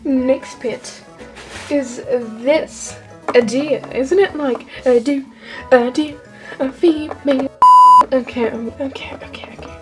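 A woman's voice: high voice, fairly even intonation, takes it slowly, long pauses, loud music behind the voice, low-quality recording. A teenage girl vlogger gushing and rambling as she unboxes toy figures from a trade package. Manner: gushing, rambling, lots of "like" and "oh my gosh". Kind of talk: excited unboxing haul.

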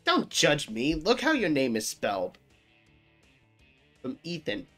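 A comedic narrator reading chat screenshots aloud, acting out both sides with wild pitch jumps and dry deadpan asides. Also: slow pace, soft background music.

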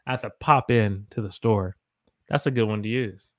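A man's voice: lowish voice, normal speed, a bit bright. A man from the South, teaching English on a live stream and reading out chat comments in an upbeat, playful way. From Southern United States. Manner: upbeat, reads chat aloud, playful voices.

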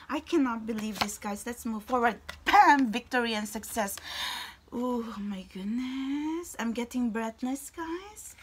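A woman giving a tarot reading to her viewers, excitable and exclamatory, sometimes dropping to a whisper. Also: medium pitch, a little hiss or hum. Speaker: tarot reader.

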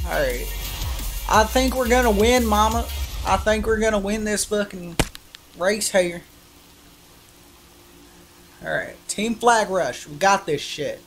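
A woman streaming a racing game live, commenting as she plays, swearing and trash-talking other players and breaking into excited shouts. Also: mid-range voice.

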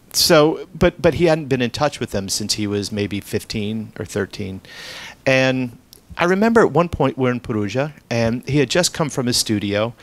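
A man giving a reading, telling a rambling family anecdote with many fillers and restarts. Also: fairly low pitch. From United States. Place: event room.

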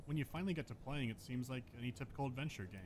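Deadpan man narrating a game review. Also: mid-range voice, rapid-fire, background noise. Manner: dry, deadpan critique. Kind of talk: scripted video essay narration.

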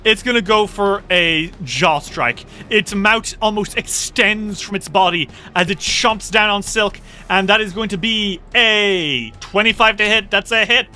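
A man's voice: sits high, a little slow, hardly any pauses, bright, forceful tone. A man running a tabletop game as game master, narrating combat vividly and reacting with groans at bad rolls. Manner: friendly, descriptive, reacts with groans.

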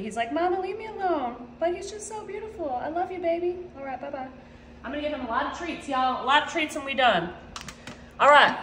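A woman's voice: high-pitched, bright, forceful tone, a little hiss or hum. A woman making a cooking vlog in her home kitchen. She talks in a chatty, rambling way and keeps calling her viewers "y'all.". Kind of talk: casual cooking demonstration. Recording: echoey kitchen with faint ambience.

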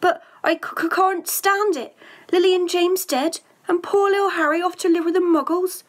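A woman reading aloud and voicing a huge, gruff, soft-hearted male giant groundskeeper who stammers when upset, in a storybook reading. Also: very high voice, fairly even intonation, moderate pace, voice pushed up. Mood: tearful.

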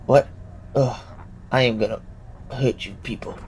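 A man's voice: medium pitch, fairly even intonation, a little slow, a little mellow, slight background noise. A young man playing a video game and commenting as he goes, joking and talking back at the characters. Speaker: gameplay commentator. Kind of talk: let's play commentary. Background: game music.

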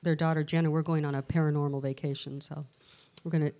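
A woman's voice: deep voice, fast talker. A middle-aged woman, a paranormal researcher, telling anecdotes in a casual live interview and acting out the dialogue in them. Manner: chatty, tells anecdotes with lively quoted dialogue. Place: historic castle hotel event room.

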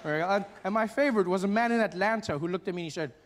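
A male stand-up comedian riffing playfully, full of questions and animated asides. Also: high voice, racing, noisy background.

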